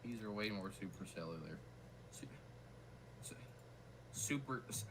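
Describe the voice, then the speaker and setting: A young man with a Southern US accent, chatting casually while hosting a weather livestream, tripping over his words when excited. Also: on the low side, unhurried, background noise. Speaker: weather stream host.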